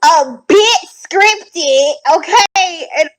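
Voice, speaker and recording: Sassy high-voiced woman commentator. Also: drawn-out words, poor audio. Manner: animated, sassy and blunt, swears freely. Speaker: online commentator reacting to videos. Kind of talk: casual reaction commentary. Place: home at night.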